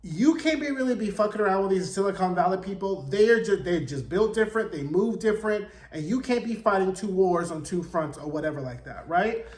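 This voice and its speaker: A man's voice: high voice, expressive, a little fast, few pauses, darkish tone. A worldly woman tech executive passes on knowing, cautioning advice over a drink, as a man recaps her. The voice carries a roomy echo. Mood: warning.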